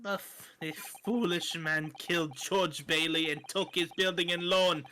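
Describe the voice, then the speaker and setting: A man's voice: a little high, fairly even intonation, measured pace, pushed and bright, slight background noise. A man reading game dialogue aloud in a casual group stream, delivering the lines theatrically and laughing often with friends.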